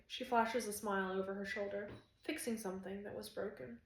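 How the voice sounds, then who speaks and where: A woman's voice: medium pitch, steady tone, fairly quick. Lady reading an audiobook in first person, earnest, roomy echo. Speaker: audiobook narrator.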